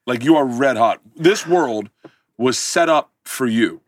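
A man hosting a cooking show as casual comedic banter, loud and boisterous, often repeating himself. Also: medium pitch, expressive, unhurried, dry recording, clean studio sound. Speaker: host.

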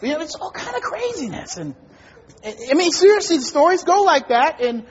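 A man preaching a sermon, telling a story and acting out voices, building to emphatic shouts. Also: very high-pitched, big pitch swings, a little fast, dull audio. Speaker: pastor.

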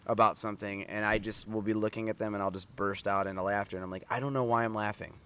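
A man's voice: lowish voice, flat delivery, fast talker, a bit bright, a little hiss or hum. A young man co-hosting a podcast, laid-back and sweary in casual chat. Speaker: podcast co-host.

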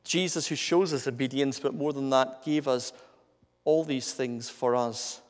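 Preacher in a reverberant hall. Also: male voice, medium pitch, steady tone, measured pace. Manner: earnest, conversational, with rhetorical questions. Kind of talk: sermon.

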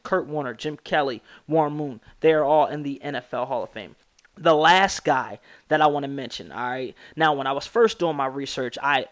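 Young guy ranting about sports stats on his podcast, kinda high voice, dry room. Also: clean tone, no room sound. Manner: opinionated, animated, slangy, rattles off stats. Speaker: podcast host. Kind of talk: casual sports podcast monologue.

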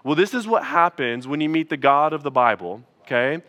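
A young man preaching with a bright, forward tone that sits a little higher than most men's voices. He keeps it conversational and emphatic, talking to his congregation like friends. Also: expressive, fairly quick, muffled recording. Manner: conversational, emphatic, addresses listeners as y'all. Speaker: pastor. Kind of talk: sermon.

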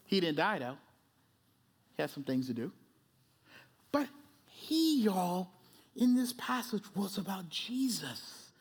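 A man's voice: high-pitched, very animated, slow, long pauses, slightly rough. A man pastor preaching a sermon in a church service, emphatic and conversational, who repeats phrases and keeps asking "right?".

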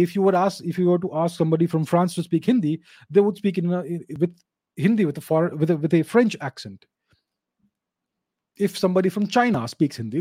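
A man's voice: high-pitched, mellow, husky, no room sound, clean studio sound. A man, hosting his channel and answering viewer questions in an emphatic monologue that often repeats and restarts phrases. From India.

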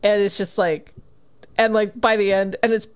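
A woman's voice: medium pitch, fairly even intonation, normal speed, clean tone. A woman co-hosting a book podcast, chatting casually and eagerly retelling scenes from a book. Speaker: podcast co-host.

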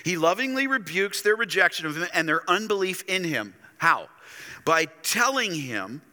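A man's voice: sits high, sing-song, normal speed, pushed and bright. A man preaching a sermon to his church, dramatic and addressing the congregation directly. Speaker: pastor. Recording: echoey church hall.

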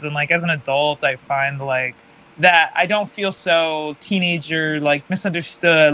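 A man co-hosting a casual livestream chat, talking in a reflective, halting way and reading out viewer comments. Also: fairly high pitch, sharp tone, rough recording. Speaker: podcast co-host reading chat.

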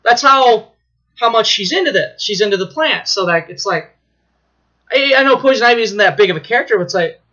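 A man co-hosting a podcast, excitedly retelling a plot in casual chat, swearing freely and restarting his sentences. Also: sits high, fairly quick, dull audio.

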